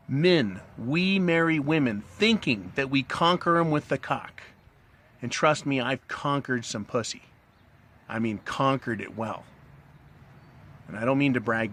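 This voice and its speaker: A man's voice: medium pitch, fairly bright tone. A middle-aged man giving a crude, blunt, rambling monologue, smoking a cigar and asking "right?" again and again. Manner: smoking a cigar while talking. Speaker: commentary channel host. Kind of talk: casual monologue, talking to the camera.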